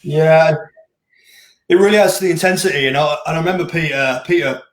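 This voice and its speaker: A man's voice: on the high side, a little fast. Interview guest, male race director, rambling storyteller, echoey room. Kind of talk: casual interview chat. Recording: roomy echoing room.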